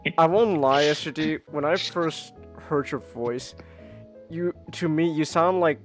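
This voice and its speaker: A man's voice: fairly high pitch, measured pace, faint music behind. A man streaming and chatting casually with friends, rambling through hesitant, restart-heavy sentences with frequent giggles. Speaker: streamer hosting a voice chat. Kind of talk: casual chat.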